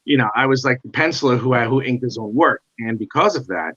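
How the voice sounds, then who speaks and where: Middle-aged guy telling stories in an interview, bright forceful voice, kinda dull lo-fi sound. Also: mid-range voice, brisk, husky. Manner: animated, acts out quoted dialogue. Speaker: guest comic artist. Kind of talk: casual interview storytelling.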